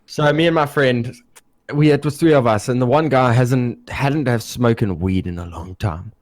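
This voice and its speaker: A young man co-hosting a podcast, telling stories in a casual, animated way and swearing freely. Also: mid-range voice, moderate pace, no echo. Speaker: podcast co-host. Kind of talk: casual storytelling.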